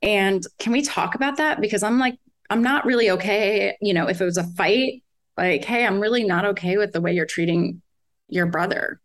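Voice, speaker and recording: Woman, 40s, podcast guest; candid, lively, laughs easily, mid-pitched voice. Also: moderate pace. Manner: candid, animated, laughs often, quotes herself and her kids. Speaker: guest, parent of several children. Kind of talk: conversational podcast interview.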